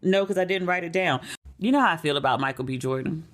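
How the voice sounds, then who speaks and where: A woman's voice: on the low side, fast talker. A middle-aged American woman hosting a podcast, chatting casually and acting out the people in her stories. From United States. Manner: chatty storytelling, acts out quoted people in a raised voice. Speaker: podcast host. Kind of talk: casual chat.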